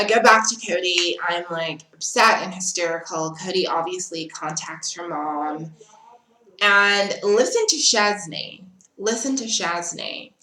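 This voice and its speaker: Low, bright-toned woman in a roomy space. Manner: animated retelling, acting out the other people's lines. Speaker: vlogger. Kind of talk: personal storytelling vlog. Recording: roomy, echoey room.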